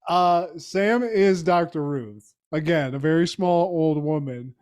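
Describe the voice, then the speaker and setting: Animated, laughing male podcast co-host. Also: fairly high pitch, slow pace, clear, resonant tone. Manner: animated, laughing, profane storytelling. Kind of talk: casual chat recapping a TV episode.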